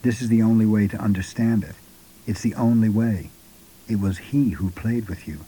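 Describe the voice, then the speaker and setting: A man's voice: on the low side, normal speed, dark tone, slightly rough, rough recording. A man voicing an old male sorcerer who talks in a curt, insistent way as a patient, stern teacher in an audiobook.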